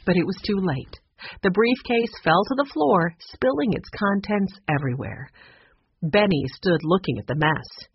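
A woman narrating a children's storybook in a steady storytelling manner. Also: on the low side, moderate pace, breathy edge, dry recording. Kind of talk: audiobook narration. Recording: muffled lo-fi audio.

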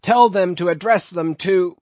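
A man voicing an obsessed old male sea captain who hails loudly across the water. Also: unhurried, dry recording, lo-fi sound. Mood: booming hail. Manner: loud hailing, booming.

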